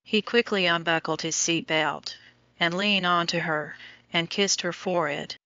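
Woman narrating an audiobook, bright-toned. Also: on the low side, fairly even intonation, a little slow, no echo. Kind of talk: scripted narration. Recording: dull lo-fi dry audio.

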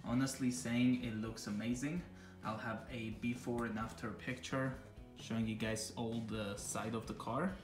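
A man's voice: medium pitch, steady tone, moderate pace, echoey room, soft background music. Easygoing man vlogging by his car. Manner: chatty, loose, talks to his dog between remarks. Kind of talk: casual vlog talk.

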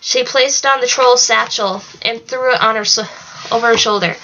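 A woman's voice: on the high side, moderate pace, lo-fi sound, slight background noise. Woman reading a novel aloud. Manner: steady reading with occasional slips and self-corrections. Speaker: narrator.

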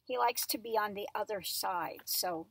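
Gravelly lady rambling away at home, chatty, dry close sound. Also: mid-range voice, normal speed, dry recording. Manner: rambling, chatty, coos to her dog. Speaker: tarot reader. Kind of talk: casual chat.

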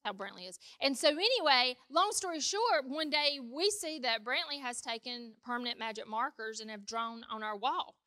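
Bright, animated woman pastor. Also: fairly high pitch, moderate pace, hardly any pauses, dry recording, studio quality. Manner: animated, chatty storytelling. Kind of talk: conversational sermon.

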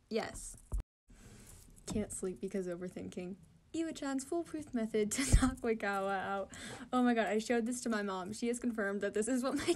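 Giggly tired woman chatting. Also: a little high. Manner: giggly, swears freely, stumbles over words. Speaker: comic dubber. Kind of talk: casual comic dub commentary.

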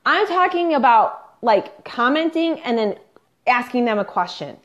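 A woman's voice: fairly high pitch, animated, measured pace. A woman business coach on an unscripted live stream, chatty and pushy, peppering her talk with "like" and "you guys". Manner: upbeat and pushy, coaching the viewers directly. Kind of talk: unscripted Facebook live training. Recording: slightly dull lo-fi livestream audio.

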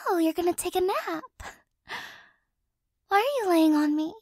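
A woman in a whispered role-play, talking softly and doting on a pet-like companion, often flustered, stammering and sighing, close to the microphone. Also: very high-pitched, lively intonation, moderate pace, no echo. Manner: soft, flustered, doting, with frequent stammers and sighs. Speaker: ASMR creator.

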